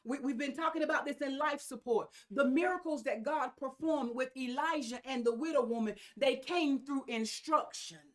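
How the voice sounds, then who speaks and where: A woman's voice: high-pitched, normal speed, hardly any pauses. A woman preaching a sermon, emphatic and repetitive, with asides to her congregation.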